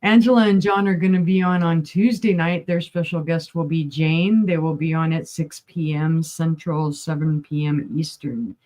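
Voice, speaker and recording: A woman's voice: deep voice, fairly even intonation, normal speed, hardly any pauses, a little mellow. A woman co-hosting a live online sale, calling bids and chatting between items.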